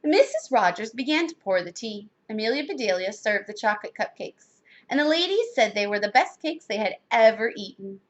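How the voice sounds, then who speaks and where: Expressive woman reading a storybook aloud. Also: a little high, brisk, dull audio, a little hiss or hum. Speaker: reader. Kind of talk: children's storybook read-aloud.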